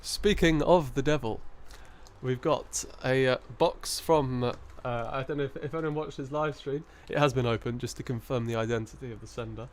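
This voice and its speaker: A man's voice: medium pitch, moderate pace. Chatty man live-streaming. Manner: rambling and chatty, laughing often. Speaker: coin-hunting live streamer. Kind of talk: casual live-stream chat.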